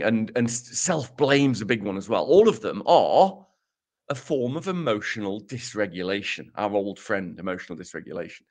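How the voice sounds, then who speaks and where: A man co-hosting a casual podcast, explaining research with dry, self-mocking humor. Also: on the low side. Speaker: podcast co-host presenting research.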